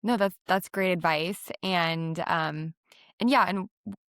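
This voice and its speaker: Low-voiced woman podcast host. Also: slow, fairly bright tone, no echo, clean studio sound. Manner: affirming listener, frequent "mm-hmm", long framing questions. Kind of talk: interviewing a guest.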